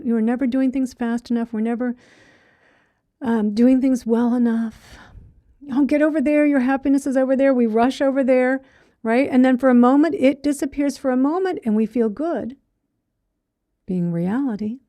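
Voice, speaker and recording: A woman's voice: high-pitched, normal speed, warm tone, no echo. A middle-aged woman teaching meditation in a conversational way, often acting out inner thoughts in quotes and checking in with "right?". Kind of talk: dharma talk.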